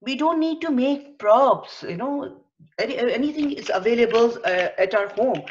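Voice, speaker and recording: A woman's voice: a little high, expressive, moderate pace, a little hiss or hum. A woman teaching storytelling to early-years educators, explaining with many fillers. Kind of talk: storytelling lesson. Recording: dull lo-fi recording.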